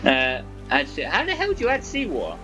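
A man talking to himself through a survival game, excitable and prone to swearing, with game music behind him. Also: on the high side, fairly quick. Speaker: gaming YouTuber. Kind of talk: let's-play commentary.

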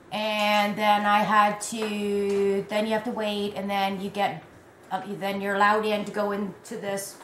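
Chatty woman vlogging in an echoey room. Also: medium pitch. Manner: animated storytelling, laughs at herself. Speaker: crochet vlogger. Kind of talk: casual chatty vlog. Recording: echoey room with faint background noise.

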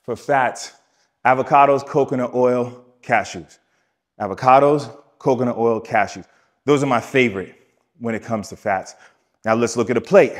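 A man coaching listeners on wellness in a podcast, with a voice of middle pitch. He talks emphatically, repeats his main points and addresses the listener directly. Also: normal speed. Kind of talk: podcast teaching talk.

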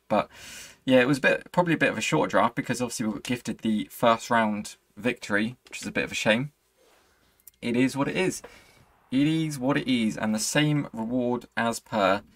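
Recorded with no room sound, a young man with a medium-pitched voice narrates his football video game match for his gaming channel. His live commentary swings from excitement to irritation.

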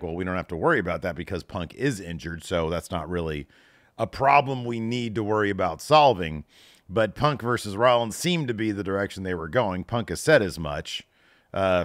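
Middle-aged man, sarcastic reaction commentary, bouncy lively intonation, dry close sound. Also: lowish voice, fairly quick, no echo. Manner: sarcastic, self-mocking, exclamatory. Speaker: wrestling podcast host.

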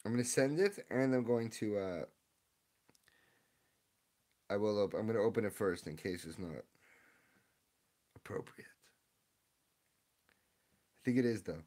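A man opening trading card packs on a live stream, chatting excitedly with his viewers in a casual, rambling way. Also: on the low side, measured pace, long pauses.

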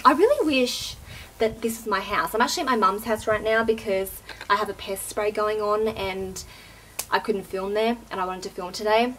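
A woman's voice: mid-range voice, a little hiss or hum. Chatty Australian woman vlogging. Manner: chatty, lots of "like" fillers, excitable. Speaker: beauty vlogger. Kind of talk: casual vlog chat. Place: in a car, then indoors at home.

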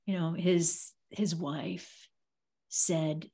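A woman hosting a casual preaching stream, talking in a loose, conversational way and filling her pauses with little phrases. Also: fairly low pitch, creaky, a little mellow, slightly rough. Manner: conversational, drawn-out, leans on filler phrases. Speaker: ministry host.

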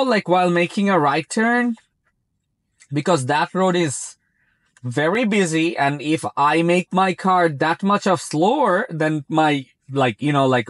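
A man with a high, slightly bright voice, recorded dry, chats while driving. English isn't his first language; inside the moving car he comments casually on the self-driving and keeps saying "very" and "like."

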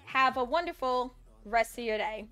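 A woman streamer chatting casually and excitably on a live stream, swearing now and then. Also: fairly high pitch, normal speed. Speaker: livestreamer.

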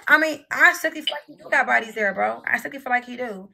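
A woman hosts a live stream in a heated, casual chat, loud, profane and rapid-fire. Her fairly high voice has a gravelly, fried edge.

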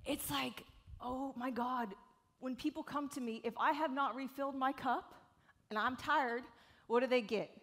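Woman in her forties, keynote speaker, lively and joking, a bit high-pitched. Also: moderate pace. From South Carolina, USA. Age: 40s. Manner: lively, jokey and frank, swearing casually. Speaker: keynote speaker and live speed painter. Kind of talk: live keynote talk to an audience. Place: event stage before an audience.

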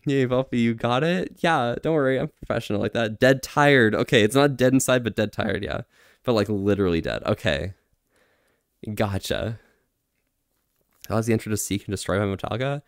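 A man's voice: mid-range voice, moderate pace, clean tone, no echo, clean studio sound. A man streaming casually, answering chat, laughing often and trying out phrases in other languages with self-deprecating humor.

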